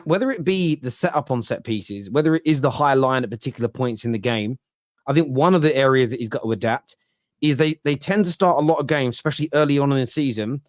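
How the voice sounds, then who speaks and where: A man co-hosting a football podcast, making measured points in a casual debate. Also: on the high side, no echo, clean studio sound. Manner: measured, reasoned, gently teasing.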